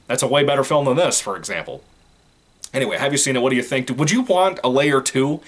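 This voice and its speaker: A man's voice: medium pitch, lively intonation, fast talker. Frank, rambling man reviewing a movie. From Virginia, US. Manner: rambling, frank, profane, laughs often. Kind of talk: casual video review.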